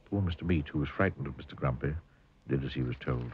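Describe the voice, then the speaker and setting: A man reading a children's storybook aloud in an animated way, asking the listener questions. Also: very deep voice, fast talker, husky, lo-fi sound. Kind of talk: storybook read-aloud narration.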